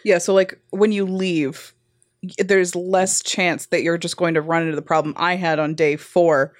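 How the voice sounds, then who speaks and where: A woman's voice: on the low side, little pitch movement, normal speed, no echo, clean studio sound. A woman co-hosting a casual gaming podcast, blunt and opinionated, swearing freely. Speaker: podcast co-host.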